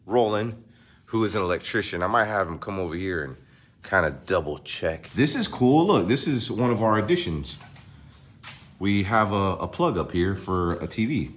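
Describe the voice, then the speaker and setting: A young man vlogging casually around his farm and new house, chatting, laughing often and using high baby talk with the animals. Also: a little hiss or hum. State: soaked from rain. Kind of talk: casual vlog narration. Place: outdoors on a farm, and a house under construction.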